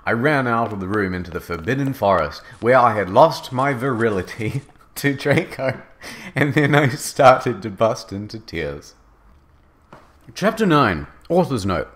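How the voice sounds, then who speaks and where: A man's voice: mid-range voice, expressive, a little slow, fairly bright tone. Man reading with mock-earnest exaggeration. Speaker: narrator. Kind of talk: comedic dramatic reading.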